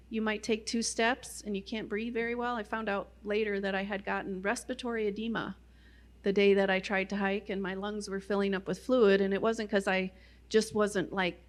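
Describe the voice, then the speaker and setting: A middle-aged woman giving a personal testimony talk to a Christian audience, telling her story in a loose, conversational way with many "you know" fillers. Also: mid-range voice. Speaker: guest speaker at a Christian ministry.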